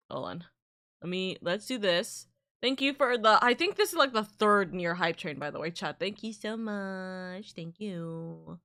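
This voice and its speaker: Bright-voiced woman streamer chatting. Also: mid-range voice, animated, measured pace. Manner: chatty, reads out and thanks chat messages; rambling, self-interrupting asides. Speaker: VTuber streamer. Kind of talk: casual live-stream chat.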